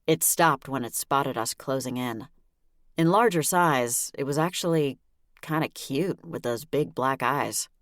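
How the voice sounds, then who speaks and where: Very low-voiced woman narrating. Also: a little slow, no echo, studio quality. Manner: wry, lively storytelling. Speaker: audiobook narrator. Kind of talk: first-person audiobook narration.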